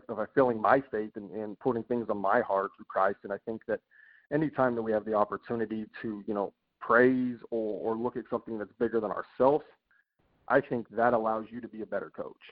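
A man, a college baseball head coach, talking in a casual podcast interview in a quick, earnest way with many fillers. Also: fairly low pitch. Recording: tinny phone-line audio.

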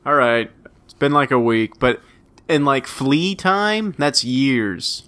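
A man co-hosting a podcast with a bright, forceful voice. He banters in a loose, playful way and keeps tossing in jokes. Now and then he slips into silly sung bits. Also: mid-range voice, slow pace. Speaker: podcast co-host. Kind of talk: casual comedic banter.

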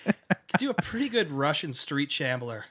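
Young male podcast regular; slow joking delivery, husky tone. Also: a little high, big pitch swings, sharp tone. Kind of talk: casual chat.

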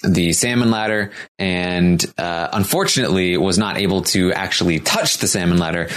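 A man co-hosting a casual podcast chat, rambling with frequent ums and restarts and slowing down to announce each competitor. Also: low-pitched, fairly bright tone. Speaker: podcast co-host recapping episodes.

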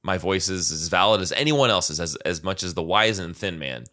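The man's voice sits low, bright and forceful, animated at a moderate pace. On a casual talk show he co-hosts, he reads out song lyrics and thoughtfully dissects them, peppering his analysis with fillers.

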